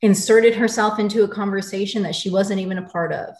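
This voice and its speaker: A woman's voice: medium pitch, steady tone, a little fast, a little mellow. Angry, intense woman in her forties. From United States. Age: 40s. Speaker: guest sharing her story. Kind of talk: emotional interview. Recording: roomy echo.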